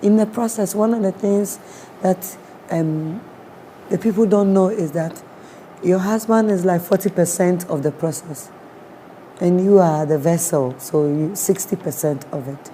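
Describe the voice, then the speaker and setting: A woman's voice: fairly low pitch, unhurried, dark tone, slight background noise. A woman with a Ghanaian accent, a guest sharing a personal story with feeling. She acts out what people said and mixes in Twi words.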